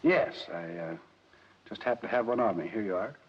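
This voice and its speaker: A man from the United States, a film actor answering interview questions deliberately, pausing often, in a dull lo-fi 1960s recording. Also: lowish voice, lively intonation, husky. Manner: deliberate, pauses with many fillers.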